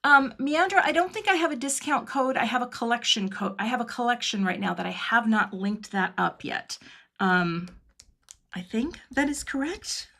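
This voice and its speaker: A woman's voice: on the high side, expressive, normal speed, creaky, pushed and bright. Chatty middle-aged woman crafting live. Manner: chatty, thinks aloud while working, answers viewer comments. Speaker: card-making livestream host. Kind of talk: casual crafting livestream chat. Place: home craft studio.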